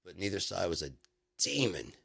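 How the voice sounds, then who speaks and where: Low-voiced man ranting on a livestream. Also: sing-song, normal speed, creaky, a bit bright, slightly rough. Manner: profane, sarcastic, heated, with frequent restarts. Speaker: livestream host. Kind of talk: casual political rant on a livestream.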